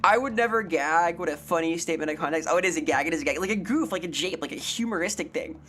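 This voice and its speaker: A woman's voice: low voice, rapid-fire, a little hiss or hum. A young woman streaming live, chatting casually in a playful, rambling, jokey way and reading chat aloud. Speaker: variety streamer.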